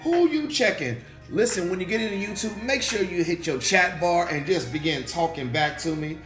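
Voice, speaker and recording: Slightly hoarse preacher, animated livestream host. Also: male voice, high-pitched, normal speed. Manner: animated, repeats phrases, calls out to chat viewers. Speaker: pastor hosting a faith livestream. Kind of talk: casual livestream preaching talk. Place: indoor room, livestream. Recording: echoey room with faint music.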